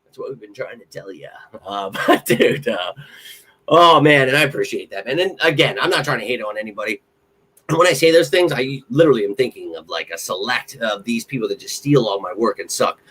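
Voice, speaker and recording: A man's voice: mid-range voice, brisk, husky. Young guy from central PA on his live stream, rambles, gets hyped, cusses a lot. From central Pennsylvania. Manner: excitable, rambling, swears freely. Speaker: podcast host. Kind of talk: casual live-stream chat.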